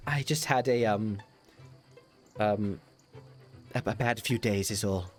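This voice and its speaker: A man voicing a shy, nervous young Victorian woman who speaks in halting, hesitant phrases. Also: on the low side, soft background music, pitched below the performer's own voice. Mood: weary.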